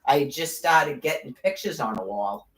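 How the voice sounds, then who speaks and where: A woman's voice: a bass voice, lively intonation, moderate pace. A middle-aged woman in casual chat, rambling, blunt and profane, with sarcastic asides. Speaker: podcast host.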